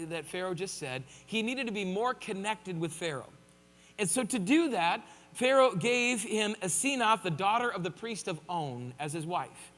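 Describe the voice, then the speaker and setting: High-voiced animated preacher in a hall. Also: male voice. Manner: animated storytelling with playful impressions. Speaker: pastor. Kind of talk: sermon. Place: church sanctuary.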